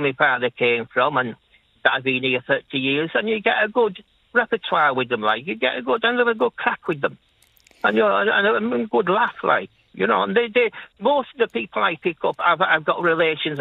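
A man's voice: fairly high pitch, animated, a little fast, gravelly, no room sound. Chatty older Irish man on a phone line. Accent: Leeds-tinged Irish. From Ireland. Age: 60s. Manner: chatty, rambling, repeats himself. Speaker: caller, taxi driver. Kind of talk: phone-in radio chat.

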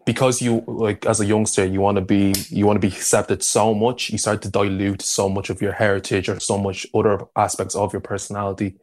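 A man's voice: fairly low pitch, level tone, brisk, hardly any pauses, darkish tone. A man hosting a podcast, talking in a reflective, earnest way. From Ireland. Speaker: podcast host. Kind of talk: casual podcast interview.

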